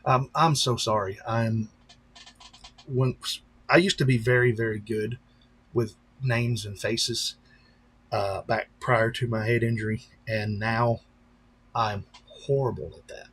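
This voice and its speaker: A pastor who also streams drone racing chats casually on a live stream, rambling and addressing viewers directly. His medium-pitched voice is steady, slow, and a bit bright, with a little hiss or hum.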